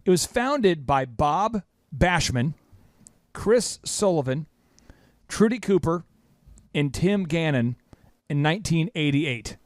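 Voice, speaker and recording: A man hosting a business podcast in an emphatic, punchy way, his voice sitting high and leaping around. He keeps firing questions at his cohost. The sound is dry and close. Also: animated, takes it slowly, pauses often, dry recording. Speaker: podcast host. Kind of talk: energetic business podcast talk.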